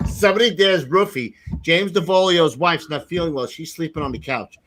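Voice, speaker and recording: A man hosting a podcast, telling a party story in lively casual chat, often laughing. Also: fairly high pitch, normal speed. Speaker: podcast host, retired firefighter. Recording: noisy podcast audio.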